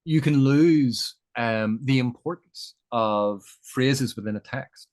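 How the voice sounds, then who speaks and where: A man in conversation, unfolding ideas patiently, like a lecturer who has thought it through. His voice sits at an everyday middle pitch for a man. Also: takes it slowly, a little mellow. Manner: thoughtful, lecturing, builds points with examples. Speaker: guest. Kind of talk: explanatory interview chat.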